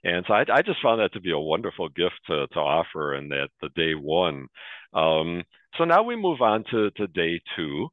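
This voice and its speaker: A man's voice: deep voice, sing-song, moderate pace, no room sound. A man in his sixties hosting a webinar interview, leading the talk with friendly personal stories. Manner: warm anecdotal, leading the discussion. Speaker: webinar host. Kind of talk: conversational interview. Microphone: video call. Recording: dry, phone-like narrow sound.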